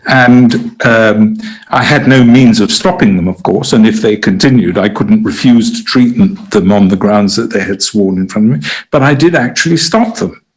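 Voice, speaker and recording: A man's voice: fairly low pitch, moderate pace, slightly rough, rough recording. An older man, a former prison doctor on a podcast, telling stories hesitantly with frequent restarts and laughter. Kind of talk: conversational interview anecdotes.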